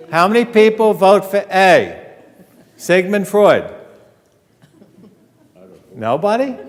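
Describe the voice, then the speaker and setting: A man giving an animated storytelling lecture as an author, joking with and quizzing his audience in a college hall. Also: high voice. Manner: animated, acts out quoted dialogue, jokes with audience. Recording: long hall reverb.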